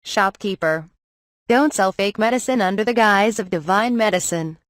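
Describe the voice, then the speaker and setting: Woman reading calm stern boy apothecary, twelve years old, storybook, dry close sound, mid-pitched. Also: moderate pace, no echo, close to an everyday voice. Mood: calm, firm.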